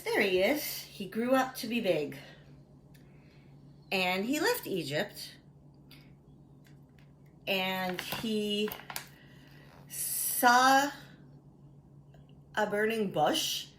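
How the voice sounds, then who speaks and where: A woman preschool teacher telling a children's story, slow and unhurried, with a playful, animated way of talking to little ones. The sound is roomy and echoey, with a faint hum behind her. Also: mid-range voice. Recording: roomy echo with faint background noise.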